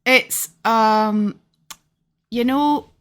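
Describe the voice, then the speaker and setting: A woman's voice: a little high, drawn-out words, fairly bright tone. A woman co-hosting a podcast, chatting casually with many fillers and frequent laughter. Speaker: podcast co-host. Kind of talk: casual conversation.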